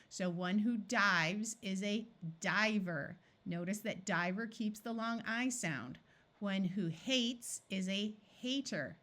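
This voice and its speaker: An American woman leads a phonics lesson in a measured, teacherly voice. She says each word slowly and carefully so that every sound can be heard. Her pitch sits in the middle range for a woman. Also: fairly bright tone. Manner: clear, deliberate word-by-word enunciation. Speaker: reading tutor.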